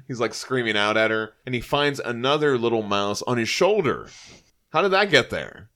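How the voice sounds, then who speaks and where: Co-host: male, lively and animated, eager comics fan reading panels aloud. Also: fairly quick. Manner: enthusiastic, reads comic dialogue aloud with lively pitch. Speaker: podcast co-host. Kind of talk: casual comic book discussion.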